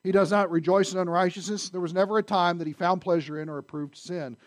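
A man preaching a sermon in a conversational way, asking the listeners questions and swinging between loud emphasis and hushed asides. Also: high-pitched, fairly even intonation, fast talker, no echo. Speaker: pastor.

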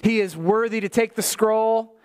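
A man preaching a sermon in church, swinging between emphatic highs and low asides, with joking remarks to the congregation. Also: unhurried, a little mellow, smooth. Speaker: pastor.

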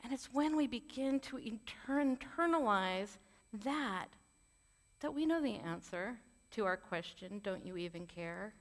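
A woman preaching with earnest, conversational warmth, dropping candid personal asides between points. Her voice sits a little high, and a long reverb trails each phrase as if she is in a large church hall. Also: animated, unhurried. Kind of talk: sermon.

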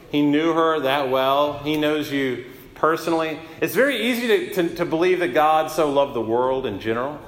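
Middle-aged pastor preaching in an echoey hall. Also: male voice, mid-range voice. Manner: conversational, self-deprecating, with frequent restarts. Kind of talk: sermon. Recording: roomy hall with long reverb.

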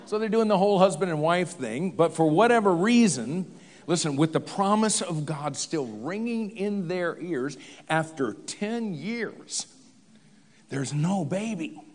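A male pastor preaching in a relaxed, storytelling way and playing the story for humor. His voice sits on the higher side and his pace is slow. A long reverb fills the large hall. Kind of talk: sermon.

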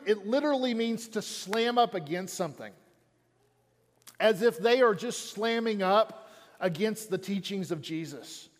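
High-voiced pastor preaching in an echoing hall. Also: male voice. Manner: conversational preaching, repeats lines for emphasis. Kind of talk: sermon. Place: auditorium.

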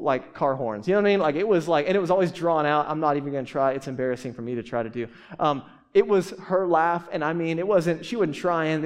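A man's voice: fairly high pitch, a little mellow. Casual, conversational male pastor preaching. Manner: casual, conversational preaching with frequent restarts and asides. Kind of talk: sermon.

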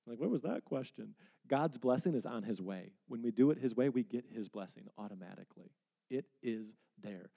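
Fielding a question from the congregation in a sermon Q&A, this pastor talks in an earnest, easygoing way with a mellow, mid-range voice that's gravelly and slightly rough. He keeps a moderate pace and occasionally brightens up to act out short quotes.

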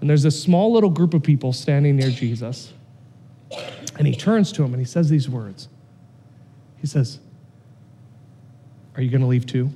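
A man preaching a sermon as pastor, animated and swinging between loud excitement and quiet, earnest intensity. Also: a little high, normal speed, pauses often, slightly rough, in a large hall.

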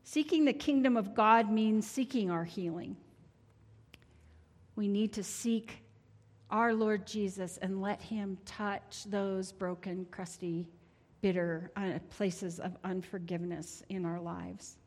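A woman's voice: mid-range voice, slow. A woman in her sixties giving a heartfelt, conversational testimony sermon as a prayer minister in a church sanctuary. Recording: long church hall reverb.

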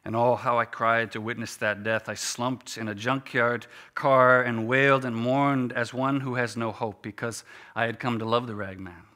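Man, dramatic storytelling, bright tone, expressive, hushed quiet moments. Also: medium pitch, moderate pace.

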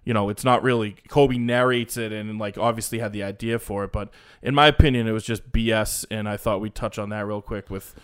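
A man co-hosting a casual sports podcast, rambling and animated, with restarts and mocking asides. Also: on the low side, brisk, hardly any pauses, smooth. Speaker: podcast co-host.

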